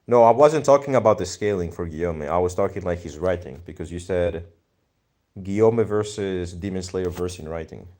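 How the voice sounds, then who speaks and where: With a deep, dark voice at a moderate pace, a young Greek man with a Greek accent hangs out on a live stream. He goes through viewers' comments and muses aloud, laid-back and full of slang.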